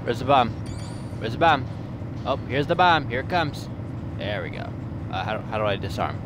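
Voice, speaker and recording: A man's voice: medium pitch, animated, moderate pace, background noise. A young man hosting a casual let's-play, cracking jokes to himself and swearing as he plays. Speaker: gaming channel host.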